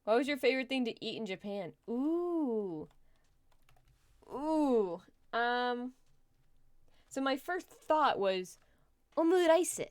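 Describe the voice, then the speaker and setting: A woman's voice: fairly high pitch, sing-song, slow, long pauses. A young adult woman chatting casually on a live gaming stream, laughing often and thinking aloud while she plays.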